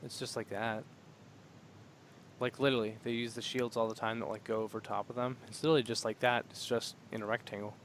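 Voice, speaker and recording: A man's voice: medium pitch, little pitch movement, a little fast, slight background noise. A young man co-hosting a podcast, rambling in casual chat and laughing often. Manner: rambling, laughs often, acts out silly droid voices. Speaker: podcast co-host.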